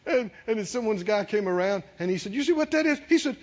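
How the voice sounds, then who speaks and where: A man's voice: high voice, fast talker. A man preaching a sermon, telling a story with laughter and calling out to the congregation. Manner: animated, calls out to the congregation, laughs while telling. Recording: dull lo-fi sermon recording.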